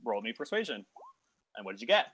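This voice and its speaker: A man narrating as game master of a tabletop game, talking in a halting way with many fillers and restarts. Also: medium pitch, very animated, a crowd in the background.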